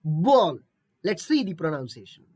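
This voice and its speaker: A woman's voice: mid-range voice, very animated, takes it slowly. A woman teaching English pronunciation in an online lesson, patiently repeating words and checking in with "okay?".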